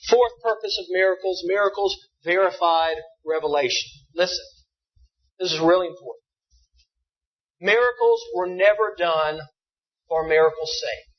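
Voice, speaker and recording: A man's voice: high voice, normal speed, pauses often. A man preaching a sermon, asking his listeners questions and answering them himself. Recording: dull lo-fi sound.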